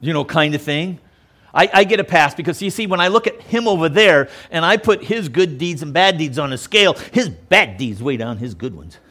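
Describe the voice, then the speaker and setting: Animated, emphatic male pastor preaching. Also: fairly high pitch, normal speed. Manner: emphatic, conversational preaching with frequent "okay?" check-ins. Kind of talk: sermon.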